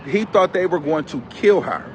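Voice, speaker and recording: A man with a fairly high voice delivers casual gossip commentary. He retells events dramatically and with loud exclamations, throwing in quoted lines. Faint outdoor traffic noise sits behind him. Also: expressive, moderate pace. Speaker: commentary host.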